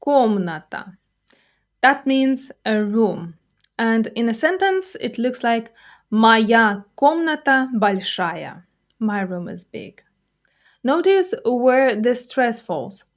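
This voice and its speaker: A woman's voice: fairly high pitch, big pitch swings, takes it slowly. A woman with a Russian accent, a native Russian speaker, teaching vocabulary in a patient way and repeating each word. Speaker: language teacher. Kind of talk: slow, clear vocabulary lesson.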